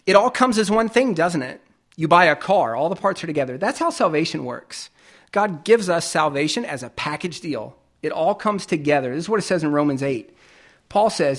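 A male pastor preaching a conversational sermon, illustrating his points with everyday examples and moving between emphatic and quiet delivery. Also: on the high side, expressive, moderate pace.

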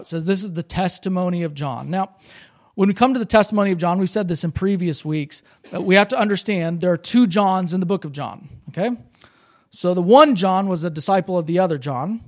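High-voiced man preaching a sermon. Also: a little mellow. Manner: conversational, explanatory, repeats points for emphasis. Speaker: pastor. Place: church service.

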